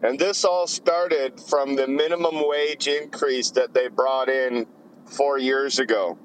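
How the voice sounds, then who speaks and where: A man calls in while driving. He is blunt and opinionated, and his voice sits at a medium pitch. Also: fairly even intonation, slow, a little hiss or hum, poor audio. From Canada. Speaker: caller.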